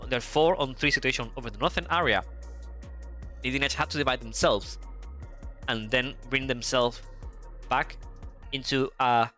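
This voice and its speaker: Bright-voiced Spanish man commentating. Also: mid-range voice. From Spain. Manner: chatty, thinks aloud with restarts and asides to chat. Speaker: esports commentator. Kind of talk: casual flight-sim match commentary.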